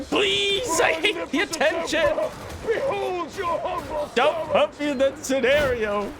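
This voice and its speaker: A man putting on the voice of a melodramatic, panicky young anime hero who begs and pleads in a shrill voice. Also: creaky, exaggerated voice.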